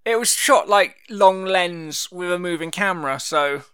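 A man's voice: high-pitched, unhurried, sharp tone, clear, resonant tone. A man co-hosting a casual podcast, playful and jokey, interjecting with questions. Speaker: podcast co-host. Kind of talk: casual chat.

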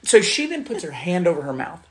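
Talking fairly quickly in a high-pitched voice, this middle-aged man, a pastor, spins a story over casual conversation. He's an animated storyteller who performs the quotes and laughs frequently.

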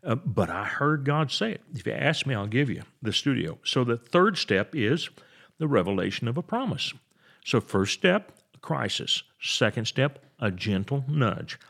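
A man teaching the Bible on his podcast in a preaching style, slowing down to stress key words. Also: mid-range voice, big pitch swings, creaky, a bit bright. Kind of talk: preaching sermon.

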